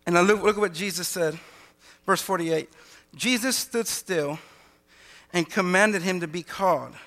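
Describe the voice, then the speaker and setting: A man's voice: sits high, a little slow, a bit bright, in a large hall. A man preaching a sermon as pastor, emphatic, calling out questions to the congregation.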